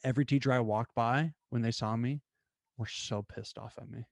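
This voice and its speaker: A young man hosting his own show, telling a story in an animated, casual way with lots of fillers. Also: mid-range voice, moderate pace, gravelly, no room sound, studio quality. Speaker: podcast host.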